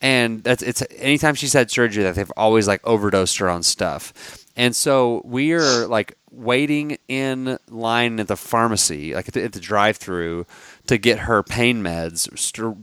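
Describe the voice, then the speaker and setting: A man co-hosting a podcast in casual chat, rambling and halting with lots of fillers. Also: mid-range voice, a bit bright, clear, resonant tone, no echo, clean studio sound. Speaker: podcast co-host.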